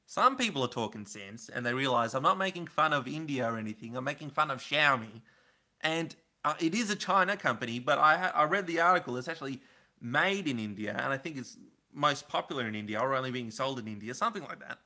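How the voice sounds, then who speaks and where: Male streamer, casual rambling chat with viewers, very bright and forceful tone. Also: medium pitch, expressive, fast. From Australia. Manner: rambling, chatty, answering chat comments. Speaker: livestream host.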